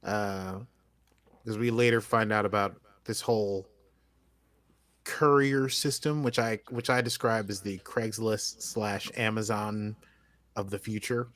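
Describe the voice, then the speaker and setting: A man's voice: fairly low pitch, steady tone, unhurried, fairly bright tone, dry recording. An American man talking through a TV episode with a co-host, in an easygoing, rambling way. He keeps restarting his sentences and leans on fillers as he goes. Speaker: podcast co-host. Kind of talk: casual chat recapping a TV episode.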